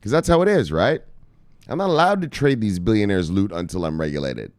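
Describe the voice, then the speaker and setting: An animated male host talks crypto news in a low voice that swings up into excited shouts. He swears freely and keeps repeating "look, look" in a loose live-stream style. The sound is close and dry, with no room around it. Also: fairly quick, dry recording. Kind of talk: casual profane live-stream commentary.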